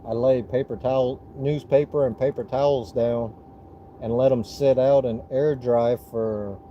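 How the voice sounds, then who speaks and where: A middle-aged man with a Southern US accent, chatting casually on a fishing livestream in a relaxed, rambling way with frequent restarts. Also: mid-range voice, a little slow, highs cut off, slight background noise.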